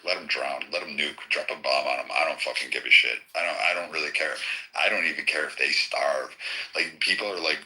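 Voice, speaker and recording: A man's voice: a bass voice, pushed and bright, low-quality recording. A man in a casual online voice chat, ranting bluntly with heavy profanity and frequent stammered restarts. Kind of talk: heated casual rant.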